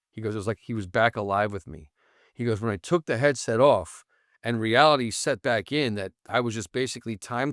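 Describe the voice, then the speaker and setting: A man's voice: lowish voice, no echo. Guy founder on a podcast telling a long story, earnest, plays both sides of the chat, dry close mic. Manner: earnest, retells talks with friends in quick back-and-forth. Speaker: startup founder, podcast guest.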